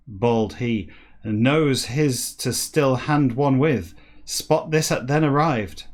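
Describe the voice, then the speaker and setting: A man reading a book aloud for comedy, breaking off into dry, deadpan asides. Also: mid-range voice. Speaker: comic reader.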